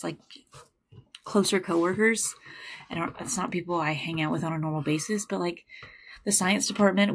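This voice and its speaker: A woman hosting a knitting podcast from home, chatting casually and rambling with lots of fillers and restarts. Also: fairly low pitch. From United States. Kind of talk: casual chat.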